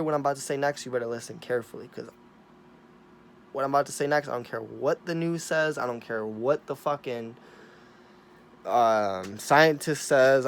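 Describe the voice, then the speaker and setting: A man's voice: mid-range voice, slight background noise. Profane, emphatic man ranting to camera. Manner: profane, emphatic, repetitive, swinging from mumbling to loud. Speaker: vlogger.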